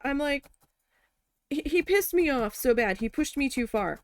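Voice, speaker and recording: A woman's voice: high-pitched, expressive, measured pace. A woman telling a story in casual chat while crafting, chatty and exasperated, swearing now and then. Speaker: craft vlogger.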